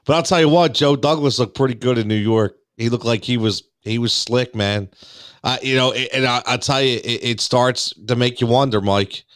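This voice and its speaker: A man's voice: mid-range voice, moderate pace, a bit bright, no echo, studio quality. A man co-hosting a sports talk show, often stammering and repeating words as he gets going.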